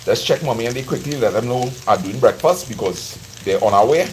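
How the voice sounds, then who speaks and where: A man's voice: mid-range voice, expressive, a little fast, slight background noise, low-quality recording. Chatty Trinidadian man cooking live. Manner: chatty, teasing, addresses viewers directly. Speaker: cooking vlogger streaming live. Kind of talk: casual chat to live viewers while cooking. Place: home kitchen at the stove. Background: frying sizzle.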